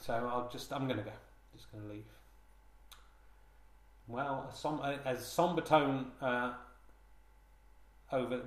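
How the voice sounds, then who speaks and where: A man's voice: mid-range voice, measured pace, long pauses. A man hosting a comedy podcast, rambling through a mock-solemn monologue with many hesitations and restarts, recorded on a handheld recorder. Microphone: handheld digital recorder. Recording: roomy, echoey room sound.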